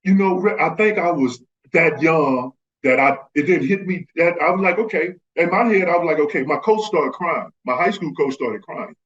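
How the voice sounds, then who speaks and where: A man's voice: fairly high pitch, lively intonation, normal speed, hardly any pauses, fairly bright tone, muffled recording. A man, a guest telling stories in casual chat and acting out the voices of the people in them. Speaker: guest, former pro basketball player. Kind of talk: casual storytelling.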